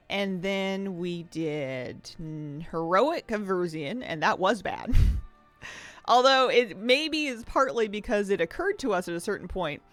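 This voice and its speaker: A game streamer talking casually from a home office, chatty and rambling and quick to laugh. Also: medium pitch, a bit bright. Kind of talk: casual chat while streaming a video game.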